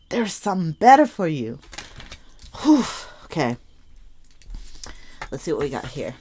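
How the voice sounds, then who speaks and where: A woman's voice: low voice, sing-song, a little slow, pauses often, a little mellow, slightly rough. A young woman reading tarot cards to camera, sometimes muttering to herself, sometimes urging her listeners with strong emotion. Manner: emphatic, emotional, swings from muttering to impassioned urging. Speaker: tarot reader.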